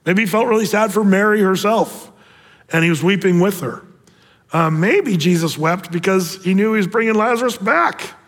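A pastor delivers a sermon at a normal pace in a fairly high voice, telling the story with playful, animated asides. A long reverb hangs on his words, like in a large church hall.

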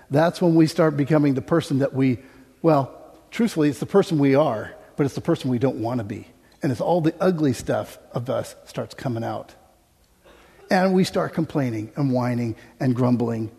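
A man's voice: medium pitch, moderate pace, gravelly, dark tone, breathy edge. An American man preaching a sermon from a stage microphone, telling funny stories and laughing often. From United States. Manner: humorous, anecdotal, laughs often. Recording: reverberant hall.

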